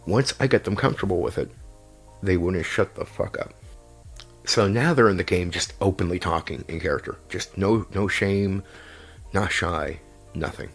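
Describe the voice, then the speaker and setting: A man with a very low, gravelly voice talks through tabletop role-play advice. He is emphatic and repeats his points, swearing now and then. His voice is husky, with faint music underneath. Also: moderate pace. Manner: emphatic and repetitive, swears casually. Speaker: game master giving player advice. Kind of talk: casual advice talk.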